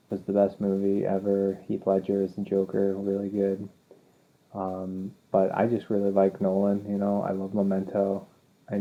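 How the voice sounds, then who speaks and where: Gravelly-voiced man telling a rambling story. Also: on the low side. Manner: rambling, self-deprecating, acts out quoted dialogue. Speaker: podcast host. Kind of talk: casual storytelling monologue. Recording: tinny phone-like audio.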